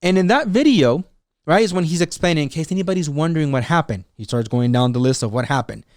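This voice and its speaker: A man hosting his own commentary show, talking excitedly and sarcastically, often acting out other people's words in mocking voices. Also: fairly high pitch, fast talker, no room sound, studio quality. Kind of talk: animated solo commentary.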